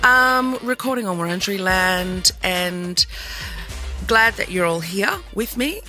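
Bright, chatty Australian woman podcast host. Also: medium pitch, expressive, unhurried, faint music behind. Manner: chatty, jokey, rambling with laughs and asides. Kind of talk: casual solo podcast chat. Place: indoor studio.

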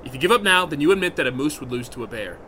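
A man voicing a high-strung young man who talks in an exasperated, excitable, snappy way in a comedy skit. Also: rapid-fire, a little hiss or hum. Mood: urgent.

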